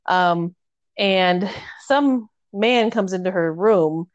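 A woman's voice: medium pitch, slow pace, no echo, muffled recording. A woman in casual chat, animatedly retelling a novel's plot and acting out the characters' lines with filler words. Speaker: podcast co-host discussing a novel.

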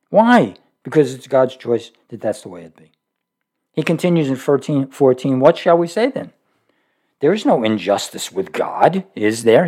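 A man preaching a sermon, emphatic, asking rhetorical questions and slowing down to read scripture aloud. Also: mid-range voice, a little mellow.

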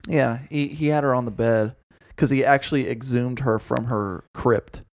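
A man co-hosting a podcast, chatting casually with quick interjections and swearing. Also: mid-range voice, a little mellow, no room sound. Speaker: podcast co-host. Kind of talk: casual chat.

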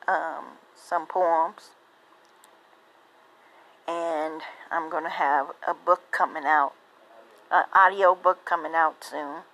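A woman podcaster speaking in a slow, halting, heartfelt way, giving casual shout-outs and then reading a poem. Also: fairly low pitch, low-quality recording. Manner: slow, halting, heartfelt, with many pauses and repeats.

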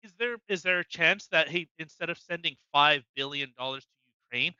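A man's voice: fairly high pitch, a little fast, sharp tone, smooth, dry recording, lo-fi sound. A man co-hosting a podcast, ranting in a heated, profane way with many stammered restarts. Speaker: podcast co-host. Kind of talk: casual political rant.

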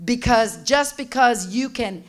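A woman preacher delivering a sermon, teaching and building to passionate shouting with call-and-response. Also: on the high side, a little slow.

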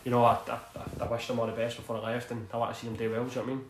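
A Scottish man in his thirties, formerly a footballer, speaks very fast in a medium-pitched voice with little pitch movement, telling rambling stories in a casual interview. He laughs often and says "do you know what I mean"; the recording is reverberant with a little hiss or hum.

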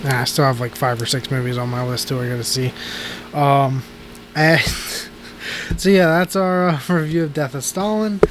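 A man's voice: medium pitch, steady tone, normal speed, noisy background. A man casually reviewing movies on a podcast, rambling with lots of fillers and restarts. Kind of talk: casual chat.

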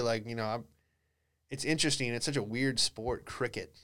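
Young man, podcast host, rambling comic monologue, smooth clear voice, mid pitch. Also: moderate pace, fairly bright tone. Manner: rambling, laid-back, acts out voices. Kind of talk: casual comedic monologue.

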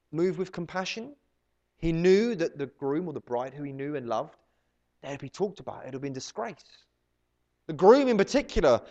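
A man gives a conversational sermon, slipping into small acted-out scenes from everyday life. His voice sits a little high for a man. The recording is dull and lo-fi. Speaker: preacher. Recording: dull lo-fi sound.

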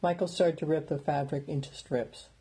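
Mellow-voiced male storyteller. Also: a little high, normal speed. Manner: plain steady reading, small lifts for dialogue. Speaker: narrator. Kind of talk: audiobook narration.

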